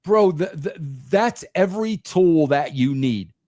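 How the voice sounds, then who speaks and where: A man's voice: a little high, animated, unhurried, dark tone, no echo, studio quality. An older man in casual podcast chat, talking emphatically and saying "bro" often with many restarts. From New York. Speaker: podcast guest, former wrestling writer.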